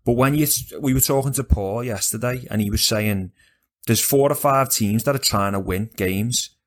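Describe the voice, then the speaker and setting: A man chatting casually about football as a podcast co-host, animated and sweary, rambling with restarts. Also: mid-range voice, normal speed.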